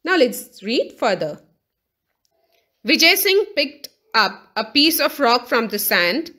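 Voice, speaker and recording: A woman's voice: fairly high pitch, very animated, slow pace, pushed and bright. A woman with an Indian English accent teaching English, reading a chapter aloud line by line and explaining words. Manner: reads a line, then restates it and defines words.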